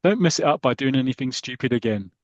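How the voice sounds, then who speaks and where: A man's voice: mid-range voice, expressive, quick pace, no room sound, muffled recording, natural voice. A man voicing a posh, breezy male millionaire club owner in a comic-strip story, with a jovial upper-class drawl. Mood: magnanimous.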